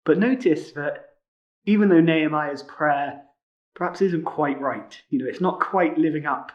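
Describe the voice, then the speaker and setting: A man's voice: on the high side, unhurried. A man preaching a sermon in a conversational way, often adding tag questions such as "isn't it?". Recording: muffled lo-fi recording.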